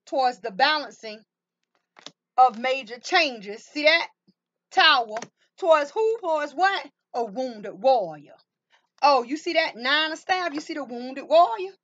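A woman's voice: sits high, expressive, measured pace, a bit bright, lo-fi sound. A woman reading tarot cards for viewers, emphatic and full of rhetorical questions, calling them baby and honey. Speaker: tarot reader. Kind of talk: tarot card reading to camera.

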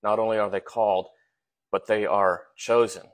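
A man's voice: lowish voice, level tone, normal speed. A man preaching a sermon in a conversational way, with frequent fillers, repeated words and rhetorical questions put to his listeners.

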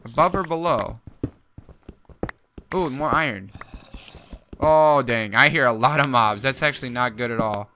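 A young man giving casual gameplay commentary, excitable and jumpy, talking to himself as he plays. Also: mid-range voice, measured pace, pauses often, a little hiss or hum. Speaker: gaming YouTuber.

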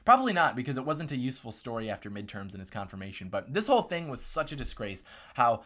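A man's voice: mid-range voice, sing-song, fast, pushed and bright. A man hosting a political commentary vlog, talking in a sarcastic, mocking way.

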